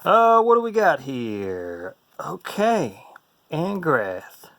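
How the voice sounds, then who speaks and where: A man's voice: fairly high pitch, huge pitch swings, very slow, a bit bright, no room sound. A man casually commenting on a card game playtest in a playful, goofy way, full of jokes and silly asides. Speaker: card game player and host.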